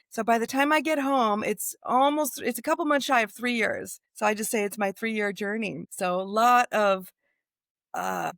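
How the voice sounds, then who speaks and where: A chatty American woman in her fifties tells stories with a fairly high voice, bringing every quoted line to life. The recording is close and dry, with no room echo. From United States. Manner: animated storyteller, acts out quoted dialogue. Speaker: guest author. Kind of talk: casual interview storytelling.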